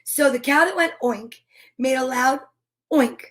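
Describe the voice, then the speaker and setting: A woman's voice: high voice, moderate pace, fairly bright tone. A woman reading a children's picture book aloud in a playful way, with animal noises. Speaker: children's storyteller.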